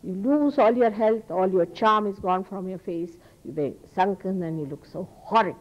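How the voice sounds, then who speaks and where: A woman with an Indian accent, a spiritual teacher, lectures an audience at medium pitch and a moderate pace. Earnest and emphatic, she repeats phrases for stress. The archival recording has dull audio.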